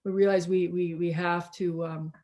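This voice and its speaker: A woman's voice: lowish voice, level tone, dark tone. Reflective woman preaching over a video call. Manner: slow, reflective, with repeated words and emphatic pauses. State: tired. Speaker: pastor.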